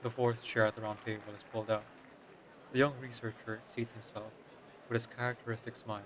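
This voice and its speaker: A man voice actor who chats casually on a stream and narrates a game story in a steady, encouraging way. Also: medium pitch, a little fast, slight background noise.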